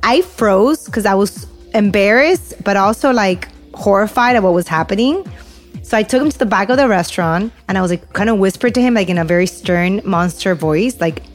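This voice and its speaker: A woman's voice: medium pitch, lively intonation, brisk, soft background music. A young woman co-hosting a podcast, chatting casually and telling a story with lots of "like" and "you know". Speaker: podcast co-host. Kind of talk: casual chat.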